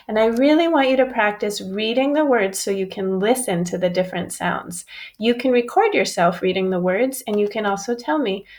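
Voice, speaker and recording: A woman teacher giving a phonics lesson to young children, sounding out each vowel slowly and clearly and speaking to them as friends. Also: mid-range voice.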